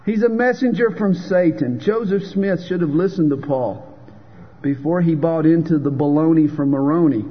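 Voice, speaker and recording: A man delivers an emphatic sermon, leaning into dramatic pauses and punchy lines. His voice sits high and a little husky. The sound is dull and lo-fi, with long reverb from a large hall. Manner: emphatic preaching with dramatic pauses and told jokes. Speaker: pastor.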